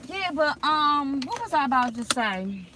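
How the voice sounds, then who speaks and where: A woman vlogging from inside her car, telling stories to her viewers in a chatty, animated way and laughing often. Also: sits high, measured pace, background noise. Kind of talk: casual chat while driving.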